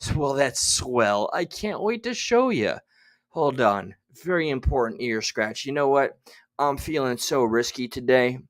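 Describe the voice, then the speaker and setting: A man's voice: mid-range voice, lively intonation, unhurried. A man hosting a casual livestream, rambling and theatrical, muttering and swearing to himself between remarks to his chat. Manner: exasperated, theatrical, rambling with tech trouble. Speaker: livestream host.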